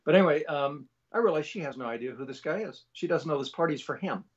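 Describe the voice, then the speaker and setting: A man's voice: on the high side, animated, fast, breathy edge, dull audio. Rambling male voice actor telling a story. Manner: rambling, with many fillers and restarts. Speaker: voice actor guest. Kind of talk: storytelling anecdote.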